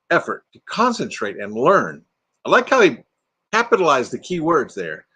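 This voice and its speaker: A retired man, middle-aged or older, hosts a casual livestream from inside his RV, reading out viewer comments and joking around. His voice sits on the high side, pushed and bright with a slight roughness.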